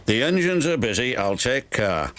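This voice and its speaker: A man's voice: mid-range voice, sing-song, normal speed, fairly bright tone. A man voicing a fussy, flustered railway boss. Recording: studio narration with music behind.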